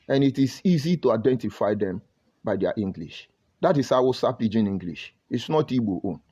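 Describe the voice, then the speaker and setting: A man speaking in a mid-range voice, expressive, mellow and a bit breathy, delivers an impassioned, scolding monologue at normal speed. He has a Nigerian accent, works as a commentator and leans on rhetorical questions. The audio is dull and lo-fi.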